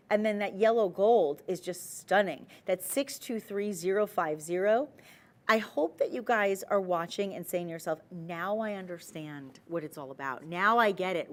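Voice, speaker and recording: A woman hosting a TV shopping show, chatty and persuasive, talking straight to the viewers as she sells jewelry. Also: mid-range voice. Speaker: shopping channel host. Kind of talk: TV shopping sales pitch.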